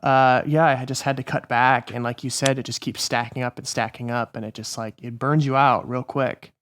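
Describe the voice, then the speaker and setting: A man's voice: medium pitch, steady tone, moderate pace, a bit bright, slight background noise. A young man hosting a podcast, chatting in a friendly, agreeable, conversational way. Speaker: podcast host. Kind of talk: casual podcast interview.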